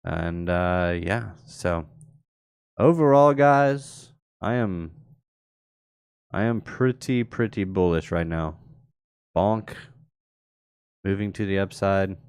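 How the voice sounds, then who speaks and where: A man hosts a live crypto market show, casually walking through charts and answering viewers in chat. His low, gravelly voice is slow and darkish, pausing often, with a clear, resonant tone in clean studio sound free of echo.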